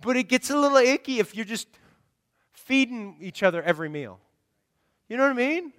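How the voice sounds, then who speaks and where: A man's voice: extremely high pitch, sing-song, brisk, a bit bright. A man preaching a conversational sermon as pastor, rambling and often repeating words as he talks. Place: church sanctuary. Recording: long reverb of a large hall.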